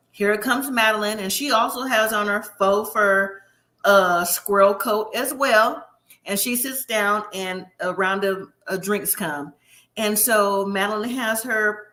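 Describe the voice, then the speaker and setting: A woman giving a casual, opinionated recap of a reality show, chatty and quick to voice the cast's lines. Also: mid-range voice. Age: middle-aged. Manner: chatty, opinionated, quotes the cast in lively voices. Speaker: recap host.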